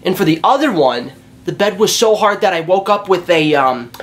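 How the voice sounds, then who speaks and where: Young male vlogger, casual story time, lively and foul-mouthed. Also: sits high, moderate pace. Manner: animated, profane, jokey storytelling.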